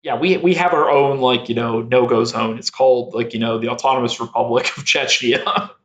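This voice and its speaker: A man's voice: mid-range voice, fairly quick, fairly bright tone, highs cut off. Rambling young man with lots of laughter. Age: young adult. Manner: rambling, laughs often, many "like" fillers. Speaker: podcast guest. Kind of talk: casual chat.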